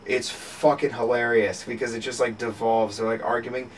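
Casual male podcast guest, profane and rambling, mid-pitched, mic a bit far off, faint noise. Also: level tone, moderate pace. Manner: rambling, swearing, laughs often, many restarts.

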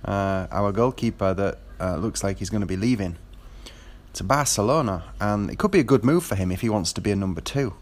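A man with a somewhat low voice chats casually about football. He rambles, stopping often for fillers and starting his sentences over. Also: a little fast. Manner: rambling, with frequent fillers and restarts. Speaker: football fan. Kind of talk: casual monologue.

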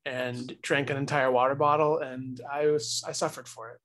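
A man's voice: medium pitch, little pitch movement, normal speed, fairly bright tone, rough recording. A man co-hosting a podcast, chatting casually in a joking, rambling way with restarts. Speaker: podcast co-host. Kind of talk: casual chat.

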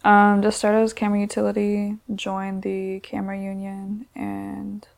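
A woman in her twenties, a podcast guest, chatting casually in relaxed, slangy talk full of "like". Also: medium pitch, a little slow, creaky. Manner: relaxed, slangy, many "like" fillers. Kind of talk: casual chat.

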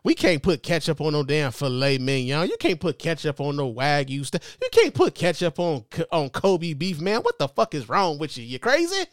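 A man in his forties hosting a show, giving animated, joking commentary full of profanity. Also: on the high side, normal speed, hardly any pauses, dry recording, studio quality. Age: 40s. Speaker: host. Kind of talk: casual commentary.

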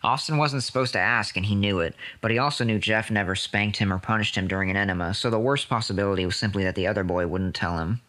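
A man with a fairly low voice reads fan fiction aloud on a podcast. He chats with his co-host between passages and sounds amused. The delivery stays casual. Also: fast talker, hardly any pauses, pushed and bright. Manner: amused, laughs between lines.

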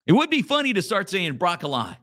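A high-pitched man hosts a radio show, chatting casually with huge pitch swings at a fairly quick pace. His tone is fairly bright, and he rambles, jokes, and repeats himself. The studio-quality recording has no room sound.

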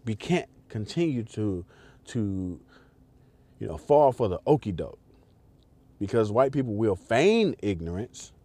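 A man's voice: on the low side, big pitch swings, measured pace, long pauses, warm tone. Emphatic man ranting on a podcast. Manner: emphatic, repetitive, profane, preaching directly to listeners. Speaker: podcast host. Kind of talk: impassioned political commentary monologue.

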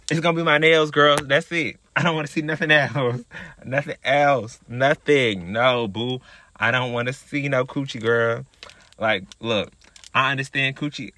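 This podcast host has a mid-range, sharp-toned voice. He spins a story as a chatty, foul-mouthed, sassy monologue and addresses his audience as "girl."

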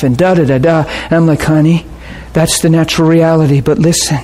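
A middle-aged man preaching and telling a story as a pastor, animated, jumping into shouts when he gets worked up. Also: a little high, fairly quick, hardly any pauses. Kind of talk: sermon storytelling.

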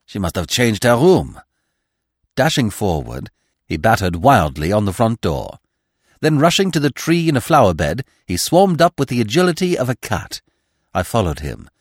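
A man narrating a classic story in measured, scripted audiobook style. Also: fairly low pitch, big pitch swings, dry recording, clean studio sound. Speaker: podcast narrator.

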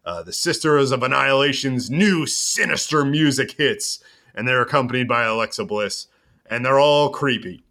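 A man with a bright, forceful voice hosts a casual podcast. He recaps a wrestling show in an animated, storytelling way, with quick asides along the way. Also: medium pitch. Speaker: podcast host.

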